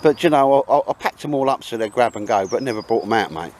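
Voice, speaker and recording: A man's voice: medium pitch, expressive, quick pace, darkish tone, a little hiss or hum. A man hosting a vlog, chatting and joking casually outdoors in the woods, calling everyone mate. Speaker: vlog host. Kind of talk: casual banter. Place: outdoors in cold wet woods.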